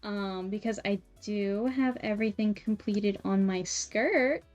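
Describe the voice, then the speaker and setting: A young woman streamer casually telling a story while sewing, animated and laughing often, with many fillers. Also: mid-range voice, a little slow, highs cut off. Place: home streaming setup. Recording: soft music behind.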